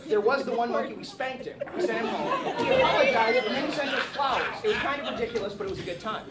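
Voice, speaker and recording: Man, bard at a feast, mock-heroic comic storytelling, high lively voice, distant mic, loud crowd noise. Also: quick pace. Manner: animated, laughing, mock-heroic. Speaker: bard telling a tale at a feast. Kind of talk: comic oral storytelling to a live audience. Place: feast hall at a medieval reenactment event. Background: audience laughter and chatter.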